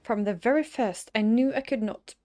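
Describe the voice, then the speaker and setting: A woman voicing a stern older noble lord in a fantasy game, reading his lines in a formal, measured way. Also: fairly high pitch, warm tone, faint music behind, lightly acted. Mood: indignant.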